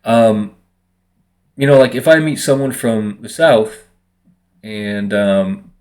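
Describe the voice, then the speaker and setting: A man's voice: on the low side, fairly even intonation, slow, a little mellow. A man from Washington State, talking casually to the camera in a rambling monologue full of fillers, sometimes mimicking other people's voices. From Washington State, United States. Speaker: vlogger.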